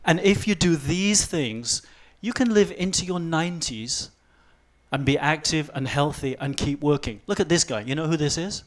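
A man in his forties giving a fast-paced, humorous talk on stage, swinging from quiet asides to loud outbursts. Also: on the high side. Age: 40s. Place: event stage before a live audience.

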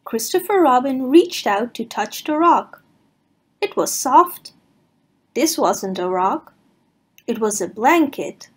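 A woman narrating a picture book aloud for preschoolers in a slow, sing-song manner. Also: high-pitched, lively intonation, husky. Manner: slow, sing-song reading for small children. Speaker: storybook reader. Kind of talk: children's read-aloud narration.

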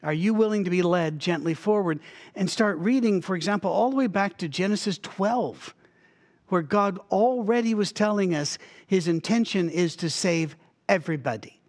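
Pastor, male, high voice, animated storyteller who slips into character voices mid-sermon. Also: moderate pace. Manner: lively storytelling, acts out voices, chuckles often. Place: church.

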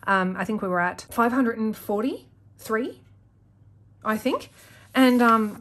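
A planner vlogger sits at her desk at home setting up her planner, chatting as she crafts, rambling, wandering off on tangents and getting worked up when she rants. Her voice is on the high side and a bit bright, slow with long pauses, picked up by a desk-mounted camera.

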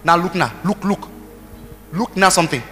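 A man preaching a sermon as pastor, emphatic, with shouted bursts and commands to the congregation. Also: high-pitched, lively intonation, normal speed. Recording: reverberant hall with music behind.

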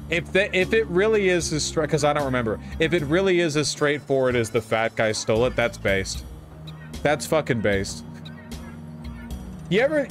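A man streaming a video game, ranting crudely and swearing often in casual commentary. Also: fairly high pitch.

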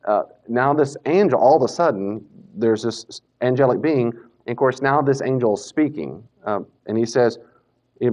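A man teaching a Bible class in a casual lecture style, animated and self-correcting, now and then acting out the speakers he quotes. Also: mid-range voice, moderate pace. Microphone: Bluetooth mic that cuts out. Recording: dull lo-fi lecture recording.

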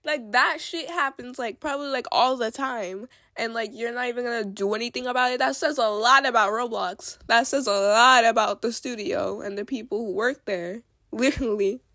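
A woman's voice: fairly high pitch, normal speed, hardly any pauses, bright, forceful tone, dry recording. A young woman in her teens ranting angrily to camera, swearing a lot and saying "like" often. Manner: ranting, heavy swearing, lots of "like". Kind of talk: angry rant vlog.

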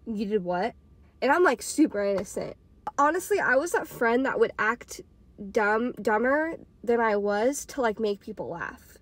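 This storytime vlogger and podcaster, a woman in her twenties, has a fairly high, expressive voice and talks at a normal speed. Her casual tale wanders along, packed with frequent "like"s.

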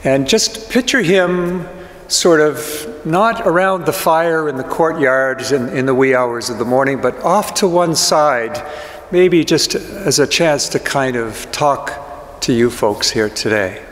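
A man's voice: a little high, animated, slow pace, fairly bright tone. A man, a pastor, reading scripture and preaching, giving the quoted speakers their own voices. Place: church sanctuary. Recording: echoey church with long reverb.

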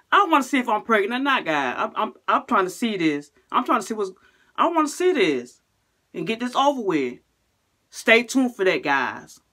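A woman talks to her camera in a casual vlog, her voice sharp and bright at a middling pitch. She speaks in short, choppy phrases that often restart. Most lines end with a soft, sunken "guys" or "y'all". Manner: repetitive, ends most phrases with a low, quiet "guys" or "y'all". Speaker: vlogger.

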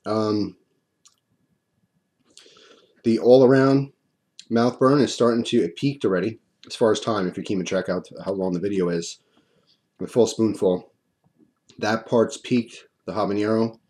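A man with a deep, mellow voice talks casually at his desk while reviewing a hot sauce. He rambles and restarts his sentences in an easygoing way. His mouth is burning and he keeps drooling as he speaks. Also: a little slow, long pauses. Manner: relaxed, chatty, rambling with restarts.

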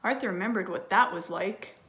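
A woman, a teacher, reading a picture book aloud to young children and explaining gently. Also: mid-range voice, a little fast, echoey room, a little hiss or hum. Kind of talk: read-aloud storytelling for kids.

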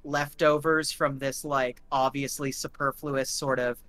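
A man's voice: medium pitch, flat delivery, unhurried, fairly bright tone. A man narrating a live tabletop game as game master, rambling with lots of fillers.

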